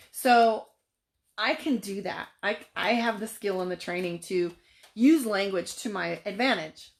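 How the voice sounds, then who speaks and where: A woman tells a story from her own life in a loose, candid way. She swears freely and talks it through out loud. She sounds like she is speaking from a couch at home. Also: medium pitch. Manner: blunt, profane, animated retelling. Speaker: life coach. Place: her living room, seated on a couch.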